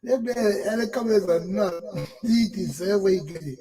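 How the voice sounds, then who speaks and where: Blunt, high-voiced man ranting. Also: moderate pace, a crowd in the background, poor audio. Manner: blunt and profane, repeats words, laughs often. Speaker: talk show host. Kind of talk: heated political commentary.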